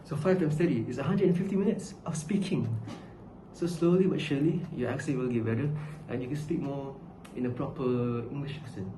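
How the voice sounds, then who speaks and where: A man's voice: mid-range voice, a little fast. A young man giving mock advice in a comedic vlog, rambling, joking and swearing, dropping casual particles into his talk. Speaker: vlogger. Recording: echoey room with steady background noise.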